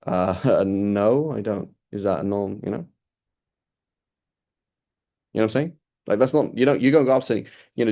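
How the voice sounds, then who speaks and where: A man's voice: on the low side, normal speed, pauses often, dark tone. A man giving an informal religious lesson, talking casually and asking his listeners questions as he goes. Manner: casual, conversational, asks listeners rhetorical questions. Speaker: religious teacher.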